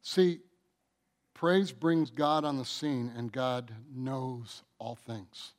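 Slow, emphatic male preacher. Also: fairly even intonation. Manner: emphatic, drawn-out phrases, loudness swinging from booming to hushed. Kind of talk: sermon.

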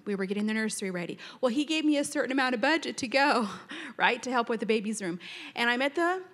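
A middle-aged woman telling a chatty, animated testimony to a congregation, acting out both sides of her conversations. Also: fairly high pitch. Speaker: church member giving testimony.

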